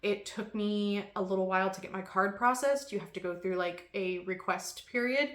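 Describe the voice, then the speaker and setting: A woman's voice: mid-range voice, normal speed, fairly bright tone. Woman book vlogger, casual and chatty, laughs a lot, echoey room. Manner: chatty, laughs often, many ums. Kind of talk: casual chat.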